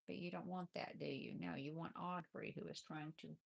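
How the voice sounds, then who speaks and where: A woman's voice: low-pitched, steady tone, moderate pace, gravelly, few pauses. A woman hosting a cozy crochet live stream at home, chatting casually and cooing to her cats in baby talk. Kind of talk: relaxed live-stream chat. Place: home craft corner with cats.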